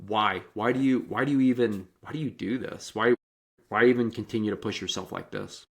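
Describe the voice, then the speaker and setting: A man's voice: on the low side, brisk, gravelly. A man hosting a podcast who also coaches the guest. He speaks earnestly and encouragingly and asks probing questions. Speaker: podcast host and running coach. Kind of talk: casual interview.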